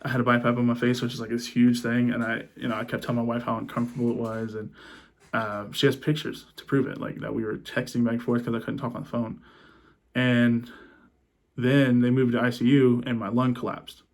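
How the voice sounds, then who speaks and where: A man's voice: medium pitch, level tone, fairly quick, gravelly. A young man vlogging, telling a personal story in a rambling, casual way with frequent restarts and swearing.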